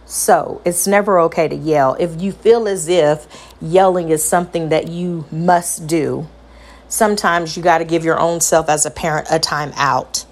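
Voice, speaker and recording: A middle-aged woman with a high voice, talking earnestly about parenting and repeating phrases for emphasis. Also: fairly even intonation, moderate pace. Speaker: parent sharing advice. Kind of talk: personal talk to camera.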